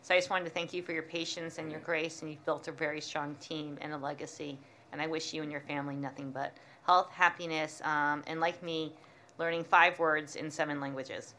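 A woman's voice: low voice, steady tone, brisk, bright, forceful tone, a little hiss or hum. A woman serving as commissioner, giving sincere, grateful farewell remarks at a public meeting.

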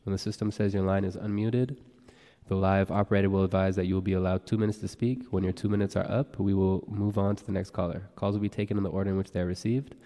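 Brisk low-voiced man clerk reading roll call. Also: flat delivery, warm tone. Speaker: board clerk. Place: large legislative chamber. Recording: reverberant council chamber.

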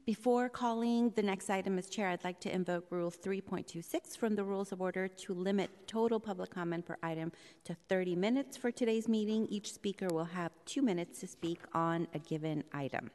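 A woman chairs a public board meeting from the dais, measured and courteous, with the odd filler as she moves through the agenda. Her mid-pitched voice carries a long reverb from the large legislative chamber around her. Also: a little mellow. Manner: measured, polite, with occasional fillers. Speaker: vice chair presiding over a board meeting. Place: legislative chamber in a city hall.

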